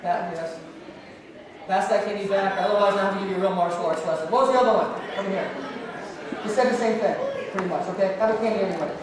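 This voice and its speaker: Man, high voice, school assembly speaker, story and audience Q&A, heard far off in a booming hall. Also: fast talker, crowd noise. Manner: storytelling, joking with the audience, calling out questions to students. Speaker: anti-bullying speaker and martial arts teacher. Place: large echoey school hall with student audience. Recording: echoey hall from far off, faint noise.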